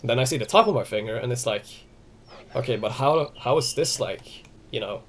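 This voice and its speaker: A man's voice: mid-range voice, a little fast, slight background noise. A young man chatting casually on a live stream, rambling with many restarts and fillers and swearing freely.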